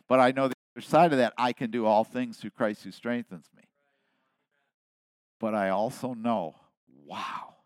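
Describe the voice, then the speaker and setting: A man in his seventies delivers a sermon in a low voice at an unhurried pace. He drops to near-whispered asides, then rises to loud, emphatic declarations. The sound is dry and close. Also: no room sound. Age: 70s. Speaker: pastor.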